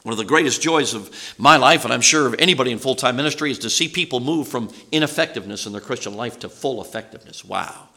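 A man's voice: medium pitch, fast talker, gravelly, hardly any pauses, sharp tone. An older man preaching a sermon in a folksy, rambling way, often asking his listeners questions. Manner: folksy, rambling with restarts and asides, asks the audience questions.

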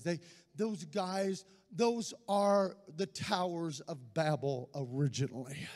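A man, a pastor giving an impassioned sermon that swells into shouting. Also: fairly high pitch, measured pace, big-room sound.

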